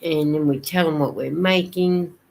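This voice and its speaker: A woman's voice: deep voice, fairly even intonation, moderate pace, vocal fry, darkish tone, low-quality recording. Chatty Australian woman hosting a live stream. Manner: chatty, reads viewer comments aloud and answers them. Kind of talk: casual live stream chat.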